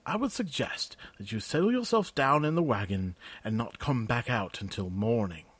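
A man voicing a blunt male army sergeant who speaks firmly in a clipped, quietly threatening way. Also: lowish voice, lively intonation, normal speed, husky, dry recording.

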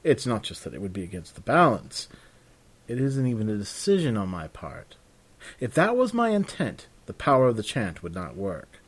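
Man doing a polite fancy-talking bard guy, calm, a bit amused, storybook. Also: on the low side, moderate pace, slightly rough, heavily acted. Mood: formal. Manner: polite, formal, mildly amused. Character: courtly male bard, genial and unflappable.

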